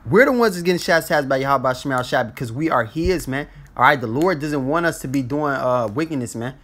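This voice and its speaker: A man's voice: mid-range voice, animated, fairly quick, a bit bright. A man teaching scripture in a casual, blunt street style, ending almost every phrase with "man". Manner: blunt and profane when exhorting.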